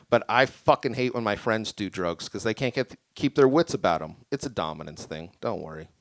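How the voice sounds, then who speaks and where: A young man doing a stand-up set in a small venue, rambling and deadpan, a bit tipsy. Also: fairly low pitch, brisk, hardly any pauses, no echo. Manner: deadpan, rambling, self-deprecating. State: tipsy from drinking. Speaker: stand-up comic. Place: small creative community venue with live audience.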